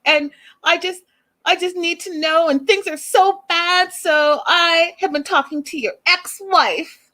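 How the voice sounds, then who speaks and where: A woman voicing a tearful, upset woman who pleads with her fiancé, pitching her voice up. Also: sharp tone, exaggerated voice. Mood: pleading. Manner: high, pleading, drawn-out.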